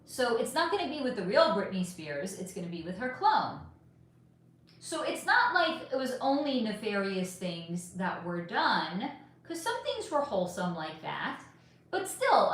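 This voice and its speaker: Woman livestreaming in a very echoey room. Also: on the high side. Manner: frank and casual, swears freely, trails off with fillers; putting on makeup while talking. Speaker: livestream host reading chat questions. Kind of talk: casual livestream chat. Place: at home.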